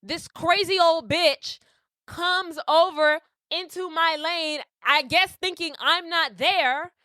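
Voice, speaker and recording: A woman hosts a podcast, telling a story in an animated, profane way. Her voice is high and bright. It is recorded close and dry. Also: slow pace, no echo. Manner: animated and profane, acting out quotes. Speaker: podcast host. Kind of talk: casual storytelling.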